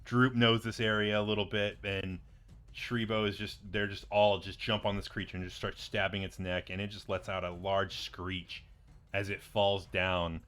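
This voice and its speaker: A man who serves as game master narrates a tabletop game in a loose, rambling style full of fillers. His voice sits fairly low. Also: level tone, normal speed, a bit bright.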